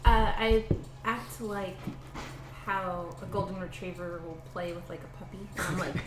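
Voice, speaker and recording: A woman playing a tabletop game, musing out loud with hesitant pauses as she decides what to do. Her voice comes through an echoey room under loud background noise. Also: lowish voice, flat delivery. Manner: hesitant, thinking aloud. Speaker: player.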